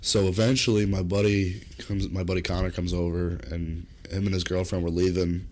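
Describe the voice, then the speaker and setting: A young man with a very low voice tells a rambling party story on a casual podcast. He swears freely and keeps jumping into shrill, loud acted quotes. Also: moderate pace. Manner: animated storyteller, jumps high into acted quotes; swears freely, comic deadpan asides. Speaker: podcast co-host.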